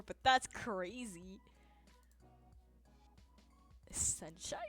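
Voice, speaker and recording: A young woman streaming a game, reacting with excitable outbursts, swearing and laughing between slow, drawn-out remarks. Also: a little high, no room sound, faint music behind. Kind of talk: casual gameplay commentary.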